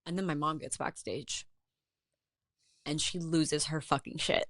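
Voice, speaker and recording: A woman's voice: low-pitched, unhurried, no room sound, studio quality. A young woman, an artist and writer, guest in a casual interview, telling a story animatedly with lots of "like" and acted-out quotes. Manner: animated, heavy use of "like", acts out quotes.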